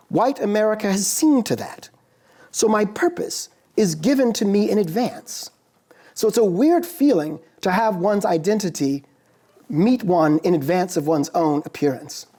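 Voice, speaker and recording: Dark-toned male professor lecturing deliberately. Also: high-pitched. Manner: measured, deliberate, dramatic pauses. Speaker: philosophy professor giving a lecture. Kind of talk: formal lecture reading. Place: lecture hall.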